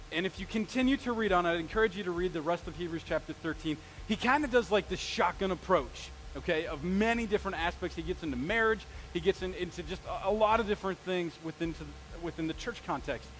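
A man with a high voice preaches in a church in a loose, conversational style. He tells stories with asides and talks straight to the people in front of him. He sounds like a pastor in his forties. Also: rough recording. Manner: conversational, animated storytelling with asides. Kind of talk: sermon. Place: church sanctuary.

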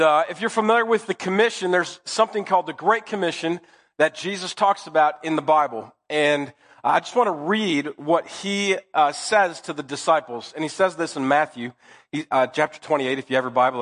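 A middle-aged male pastor preaching a loose, conversational sermon while nursing a cold, cracking jokes with the congregation. His voice sits a little high for a man. The long reverb of a church hall trails behind his words. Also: fairly quick, a bit bright. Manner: chatty, joking, conversational. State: has a cold. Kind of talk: casual sermon.

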